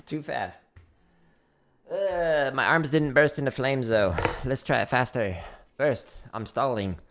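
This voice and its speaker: A man's voice: mid-range voice, slow pace, fairly bright tone. A man hosting a drumming livestream, chatting casually and explaining practice step by step with self-deprecating humor.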